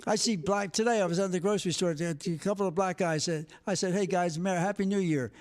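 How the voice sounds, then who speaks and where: A man's voice: high-pitched, quick pace, a little mellow. An older man, a retired sports director and guest, telling stories in a blunt, emphatic, outspoken way. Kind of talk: casual storytelling.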